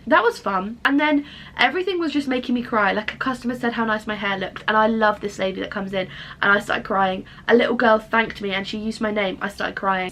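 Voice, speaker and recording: A woman's voice: a little high, fairly bright tone. A young woman chatting casually in a confessional vlog, rambling and self-mocking. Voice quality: tearful. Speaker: vlogger.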